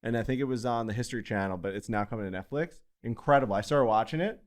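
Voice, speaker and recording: Man, podcast host, casual chat, rapid talker, rambling, excitable, mid-pitched. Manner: rambling, excitable storytelling with lots of fillers.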